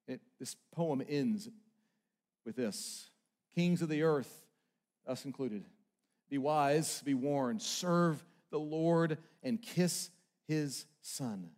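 A man preaching a sermon as pastor, with emphatic delivery that swings between loud urgent peaks and quiet low asides, building repeated short phrases.

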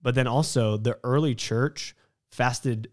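A man's voice: medium pitch, slow pace. A man co-hosting a church podcast, talking in an earnest, encouraging way about spiritual practices. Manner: earnest, encouraging, reads a quote aloud. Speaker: podcast co-host. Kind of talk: casual church podcast discussion.

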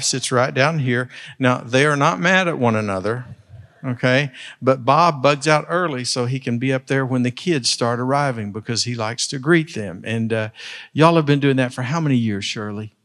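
A man's voice: medium pitch, moderate pace. A man working as a pastor, bantering with his congregation during a service. His voice rings through a large sanctuary with a long, lingering reverb. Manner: warm joking banter with congregation. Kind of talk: church service, leading testimonies. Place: church sanctuary.

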